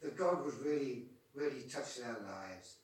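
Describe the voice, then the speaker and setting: A man's voice: mid-range voice, a little slow. Man testifying from the pulpit, stumbles over repeated words, heard far off in a big echoey room. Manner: repeats words often while telling a story. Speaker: Christian street evangelist. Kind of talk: testimony storytelling.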